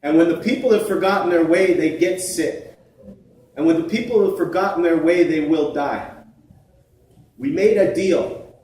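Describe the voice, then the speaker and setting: Man doing an ancient commanding spirit for a told legend, pitched a bit high, booming through an echoey theatre from afar. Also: normal speed, pauses often, a little mellow, far from the mic, a little hiss or hum, lightly acted. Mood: stern. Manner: raised, proclaiming delivery.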